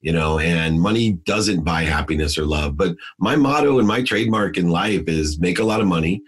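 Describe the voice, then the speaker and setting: A middle-aged man with a very low, husky voice speaks as a podcast guest. He tells his story with emphatic, preachy force and slips into motivational slogans. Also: moderate pace. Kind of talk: personal story and advice in a podcast interview.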